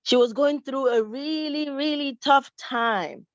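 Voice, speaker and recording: A woman with a somewhat high voice tells a story to children at church, lively and expressive. The sound is dull and dry, close with no room echo. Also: slow pace.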